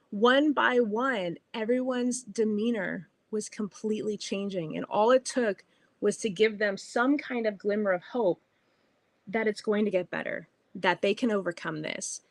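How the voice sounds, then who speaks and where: A bubbly, middle-aged woman hosting a podcast, telling a personal story in a casual, animated way. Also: a little high, no room sound. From California. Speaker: podcast host.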